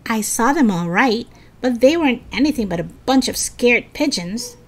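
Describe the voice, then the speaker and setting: A woman voicing a stubborn, skeptical schoolboy who talks loud and mocking. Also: on the high side, lively intonation, moderate pace, voice pushed up. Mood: scoffing.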